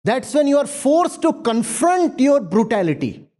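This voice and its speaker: A man giving a spiritual lecture with an animated, lively pitch and a mellow, warm tone. He speaks emphatically, pressing his points with rhetorical questions and repeated phrases. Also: measured pace. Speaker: spiritual teacher. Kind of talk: lecture with audience Q&A. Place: university lecture hall.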